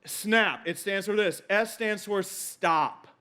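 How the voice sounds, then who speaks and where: High-voiced man preaching a lively sermon. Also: slow pace. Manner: lively preaching, quoting scripture with emphatic repetition. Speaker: pastor.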